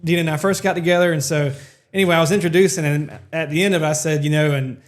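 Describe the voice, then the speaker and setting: Rambling self-deprecating man, slightly high. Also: fairly even intonation, rapid-fire. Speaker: podcast co-host, worship ministry member. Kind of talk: casual storytelling chat.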